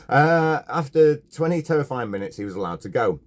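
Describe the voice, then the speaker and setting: A man's voice: mid-range voice, animated, fairly quick, few pauses. A man co-hosting a casual podcast, retelling a story with a joking, chatty manner and plenty of fillers. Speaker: podcast co-host.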